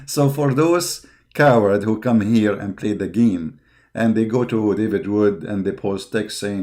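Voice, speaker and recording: A man's voice: on the low side, moderate pace, darkish tone. A man hosting an online show, delivering a combative, impassioned monologue full of repeated words and fillers. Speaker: online apologetics show host.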